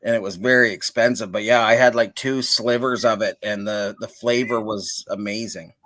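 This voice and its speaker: A man's voice: fairly low pitch, fairly even intonation, normal speed, fairly bright tone. A man chatting casually on a video call, rambling with lots of filler words and chuckling often. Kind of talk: casual chat.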